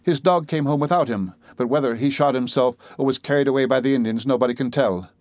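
A man doing a soft-spoken sad young woman. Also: mid-range voice, fast talker, no room sound, close to an everyday voice. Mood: sorrowful. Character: young mother, sad and gentle.

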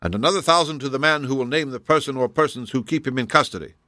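A man voicing a cold, precise male detective in an audiobook, measured and inexorable. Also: mid-range voice, pushed and bright, no room sound, clean studio sound, pitched above the performer's own voice, close to an everyday voice. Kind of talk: audiobook character voice.

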